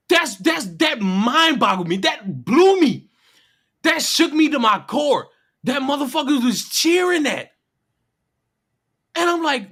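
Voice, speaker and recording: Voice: high-pitched, sing-song, slow pace, bright, forceful tone. A livestreamer ranting in heated commentary, profane and mocking, firing off rhetorical questions. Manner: mimics people in silly voices.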